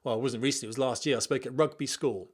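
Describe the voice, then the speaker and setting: Casting: middle-aged male podcast host, ex-military pilot, chatty and digressive, mid-pitched voice. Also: very fast, husky. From Britain. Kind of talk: casual podcast monologue reading a listener email. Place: at home.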